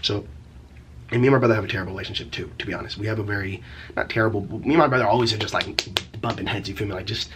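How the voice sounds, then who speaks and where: A man's voice: on the low side, steady tone, very fast, fairly bright tone, a little hiss or hum. A young man telling a story from his teen years in a casual vlog, rambling and profane, packed with slang fillers. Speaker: vlogger.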